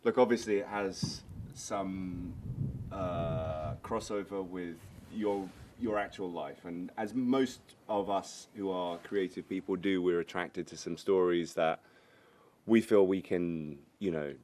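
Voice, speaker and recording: A man's voice: sits low, takes it slowly, a little mellow, a little hiss or hum. A man interviewing two actors, asking searching questions with some hesitation.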